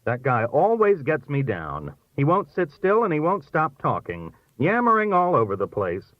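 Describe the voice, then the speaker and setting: A man's voice: a little high, wildly swooping pitch, normal speed, no echo, voice pushed up. A man putting on a catty theatrical wife. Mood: scornful. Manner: catty, dramatic complaining. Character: scornful, theatrical middle-aged wife. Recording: thin phone-like dry sound.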